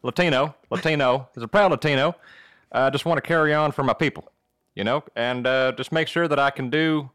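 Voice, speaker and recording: A man doing a put-on Southern American accent as a proud Mexican-born man giving a halting heritage speech. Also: mid-range voice, a bit bright, no room sound, studio quality, lightly acted. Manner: halting, stumbling over Spanish words.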